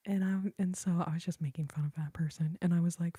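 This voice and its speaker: A woman hosting an ASMR livestream in a whispered role-play, softly chatting with viewers, giggling and singing snippets of lullabies. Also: lowish voice, steady tone, normal speed, long pauses, slightly rough, no echo, clean studio sound. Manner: sings snippets of lullabies in a hushed voice.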